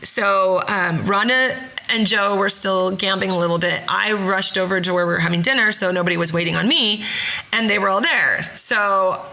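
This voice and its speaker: A woman host spins a casual story, rambling along and doubling back to correct herself. Her voice is bright and forward, and she sounds excited as she tells it. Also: mid-range voice, normal speed, gravelly, low-quality recording. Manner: rambling, with frequent self-corrections and fillers. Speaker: podcast host.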